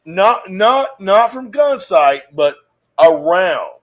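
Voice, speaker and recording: A man hosting a podcast, spinning a profane, animated yarn in casual talk. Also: high voice, slow pace, lo-fi sound. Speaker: podcast host. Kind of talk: casual storytelling.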